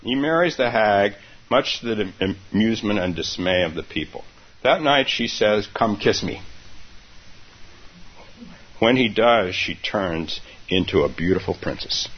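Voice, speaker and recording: A man's voice: fairly low pitch, animated, normal speed, breathy edge. A man giving a dharma talk as a meditation teacher, speaking unhurriedly and repeating his phrases. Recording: dull recording with faint hiss.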